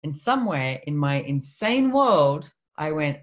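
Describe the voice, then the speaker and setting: A woman's voice: low-pitched, big pitch swings, unhurried, few pauses. A woman author speaking at her book launch, telling candid, self-deprecating personal stories. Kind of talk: personal storytelling talk.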